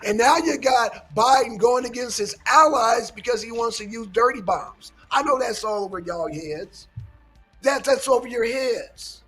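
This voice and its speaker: A man with a husky, fairly high voice holds forth on politics in a casual commentary show. He lectures his audience emphatically and swears often, with faint music running behind him. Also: unhurried, a bit bright.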